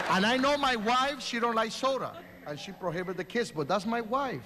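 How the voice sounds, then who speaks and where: High-voiced man with a Puerto Rican accent. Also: normal speed, few pauses. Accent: Puerto Rican Spanish. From New York. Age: 40s. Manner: emphatic, insistent, broken English grammar. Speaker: mayoral candidate. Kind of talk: debate answers. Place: large hall at a live debate. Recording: reverberant hall with faint hum.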